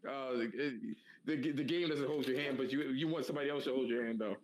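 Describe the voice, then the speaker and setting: A man co-hosting a podcast in a loose, casual chat, slangy and animated with lots of fillers. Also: medium pitch, fairly quick, low-quality recording. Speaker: podcast co-host.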